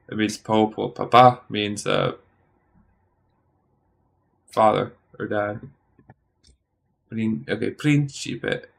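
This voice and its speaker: A man's voice: fairly low pitch, vocal fry, fairly bright tone. Tired man muttering through study notes. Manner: muttering, halting, sounds words out. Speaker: language learner streaming study. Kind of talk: thinking aloud while studying.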